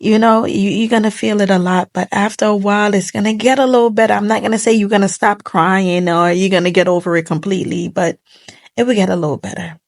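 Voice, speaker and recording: A woman's voice: mid-range voice, steady tone, quick pace. A young woman telling a sad personal story to camera in casual, colloquial speech, tearful and heartfelt as she holds back tears. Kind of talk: emotional storytime monologue. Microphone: phone camera facing the speaker.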